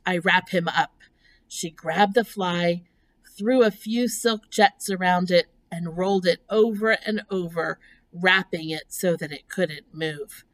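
A woman reading a children's novel aloud, telling the story in a slow, measured way. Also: fairly low pitch, poor audio. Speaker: narrator.

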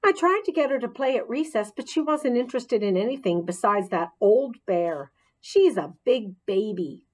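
A woman reading a children's chapter book aloud in an expressive, playful storytelling manner. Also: a little high, moderate pace. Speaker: audiobook reader.

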